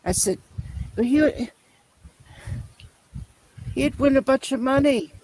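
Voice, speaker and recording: A man telling a long personal story in casual chat, rambling and halting as he loops back over his points. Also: very high-pitched, a little mellow, dry recording, rough recording. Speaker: storyteller in a conversation.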